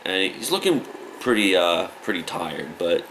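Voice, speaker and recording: A man's voice: low voice, measured pace, a little hiss or hum, low-quality recording. A man casually telling a story from his youth, acting out the voices of the people he quotes. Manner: animated, acts out quoted voices. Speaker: musician guest.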